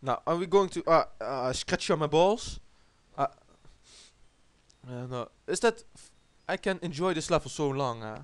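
A Dutch-accented man gives crude, joking commentary while playing a video game, swearing often in casual let's-play style. His voice is on the high side, smooth and unhurried with lively intonation, and the recording is dry.

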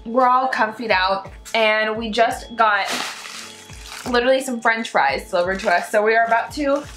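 Bubbly young woman vlogging, fairly high voice. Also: normal speed, rough recording. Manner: bubbly, chatty, says "literally" and "like" often. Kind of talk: casual vlog chat. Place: out and about in a city, then indoors at home. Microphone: handheld camera. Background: loud background music.

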